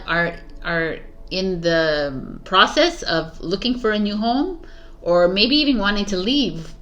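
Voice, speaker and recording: This woman's voice sits on the low side with a bit of brightness. She's a tarot reader doing a casual, rambling reading directly for her viewers, enthusiastic and constantly restarting.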